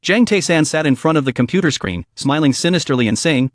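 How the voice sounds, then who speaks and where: A man narrating a comic story recap in an even, steady reading voice. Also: fairly high pitch, quick pace, few pauses, dry recording, studio quality.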